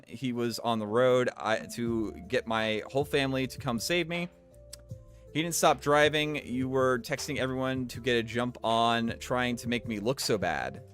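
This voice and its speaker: A man's voice: mid-range voice, smooth. A man streaming, reading a statement aloud and breaking off for wry comments. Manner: reads flatly, breaks off for wry asides.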